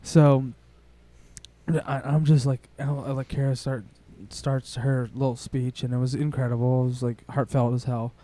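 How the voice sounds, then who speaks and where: A young man, co-hosting a podcast and telling a long story in a rambling, excitable way, swearing often. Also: medium pitch, normal speed. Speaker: podcast co-host. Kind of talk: casual storytelling chat.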